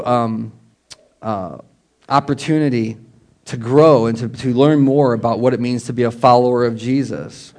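A man giving a conversational sermon as a pastor, animated and relaxed, asking his listeners questions. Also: mid-range voice.

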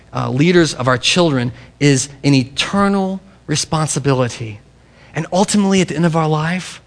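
A middle-aged man preaching a sermon, his voice a little high for a man and gravelly with fry. He speaks earnestly, repeats his key lines and slows down to press a point home. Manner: earnest preaching, repeats key phrases, varies pace for emphasis. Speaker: pastor.

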